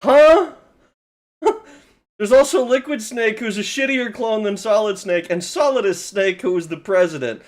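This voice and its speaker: Male streamer, somewhat high voice, excitable and rambling, swears and stammers a lot, casual livestream chat. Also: measured pace.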